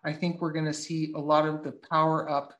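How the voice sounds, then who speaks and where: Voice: medium pitch, little pitch movement, fairly quick, a bit bright. A podcast host in casual political talk, blunt and swearing freely, working through a speech line by line.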